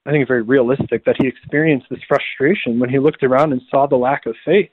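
A man, a priest, telling a scripture story in a lively conversational way and acting out the people he quotes. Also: medium pitch, fast talker, breathy edge, no room sound. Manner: animated storytelling, acts out quoted voices. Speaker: priest guest. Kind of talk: conversational radio talk on faith. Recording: tinny phone line, dry.

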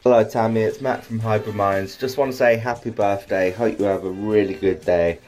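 A man's voice: fairly low pitch, steady tone, moderate pace, darkish tone, faint music behind. A man, a musician, recording a plain, friendly birthday message.

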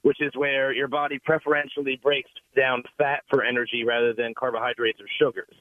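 A man calling in to explain a diet, calm and explanatory, a little hoarse from a cold, heard over a phone line. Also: mid-range voice, fairly quick, no echo. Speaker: caller, keto specialist.

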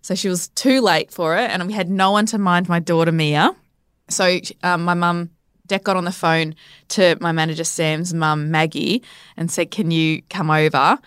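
Woman, thirties, animated storyteller guest, dry close mic. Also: on the low side, moderate pace, clear, resonant tone, dry recording. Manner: vivid, breathless retelling that acts out quotes. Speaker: podcast guest. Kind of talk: casual storytelling interview. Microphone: studio podcast microphone.

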